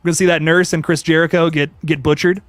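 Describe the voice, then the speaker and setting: A young man hosting a casual live stream, reading chat and reacting with excitable slang and quick restarts. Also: fairly high pitch, no echo. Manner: excitable, laid-back slang, frequent laughs and restarts.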